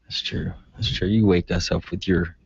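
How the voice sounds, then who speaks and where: A man hosting a morning radio show, bantering casually and reading shout-outs between jokes. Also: low-pitched, fairly even intonation, moderate pace, creaky, slight background noise. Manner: jokey, laughs often, reads announcements. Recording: dull lo-fi radio recording.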